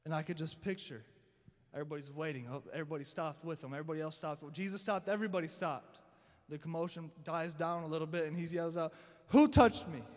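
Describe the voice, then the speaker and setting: High-voiced preacher in a reverberant church. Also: male voice. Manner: dramatic storytelling, acting out the people in the story. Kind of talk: sermon. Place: church sanctuary.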